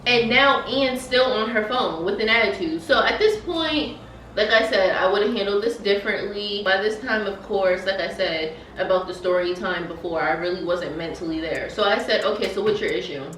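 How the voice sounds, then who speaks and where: A young woman telling a story on her vlog while eating, in an animated, slangy, emphatic way. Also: medium pitch, normal speed, reverberant, recorded from a distance, slight background noise, rough recording. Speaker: vlogger.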